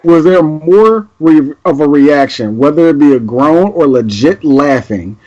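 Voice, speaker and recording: A man's voice: on the high side, expressive, a little slow, dark tone, muffled recording. A man hosting a casual podcast chat, playful and teasing, laughing often. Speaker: podcast host.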